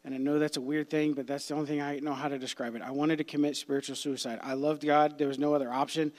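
A man's voice: a little high, level tone, fast. Impassioned preacher man in a reverberant hall. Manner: impassioned, swinging from hushed whispers to loud cries. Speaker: youth pastor. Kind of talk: sermon. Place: church sanctuary.

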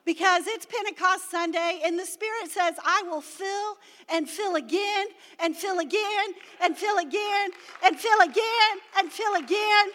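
High bright woman preaching in a hall. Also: measured pace, few pauses. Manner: animated testimony, rising to shouts. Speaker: pastor's wife preaching. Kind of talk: sermon. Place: large church hall. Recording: reverberant church hall.

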